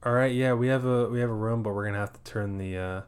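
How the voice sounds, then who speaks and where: A man voicing a creepy, smooth-talking male farmer who runs a motel, in a casual, mumbled, offhand way. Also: on the low side, steady tone, fast talker, close to an everyday voice.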